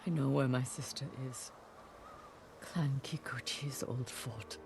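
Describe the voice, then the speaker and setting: A woman voicing a solemn, vengeful noblewoman samurai in a video game, speaking in a measured way. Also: extremely low pitch, music in the background, heavily acted. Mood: grim. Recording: game audio under a live stream, noisy.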